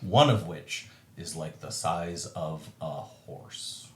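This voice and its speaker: A man in an echoey room narrates a tabletop game as its game master. He talks slowly and keeps stopping on ums and uhs, but his low voice swings widely as he describes the scene. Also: lively intonation. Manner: halting, many ums and uhs.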